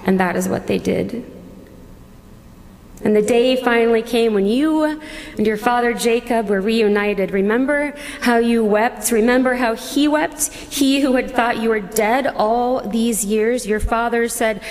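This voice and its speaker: A woman's voice: on the high side, a little slow, a little mellow. A woman pastor preaching a sermon as a dramatic second-person retelling full of rhetorical questions. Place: church. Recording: long church reverb.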